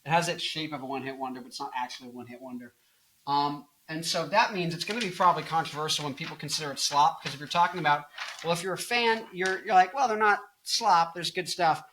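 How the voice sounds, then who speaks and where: A man's voice: fairly high pitch, quick pace, slight background noise, low-quality recording. Zany tired young man ranting about music. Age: early 20s. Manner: zany, bursts into loud off-key singing and mock anger. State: tired late in the day. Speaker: rock singer and guitarist, channel host. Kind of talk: casual talking-head music commentary.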